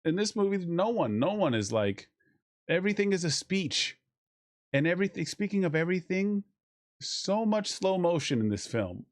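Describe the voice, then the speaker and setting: Animated rambling man reviewing a film. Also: high-pitched, moderate pace. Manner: rambling, animated, swears casually. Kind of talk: casual chat.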